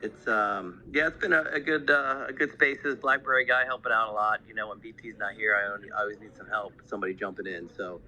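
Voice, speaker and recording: Man, host, casual chat, low pitch, bright voice, rambling delivery. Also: fast, hardly any pauses. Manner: relaxed, rambling with many fillers. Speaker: host of an online audio chat.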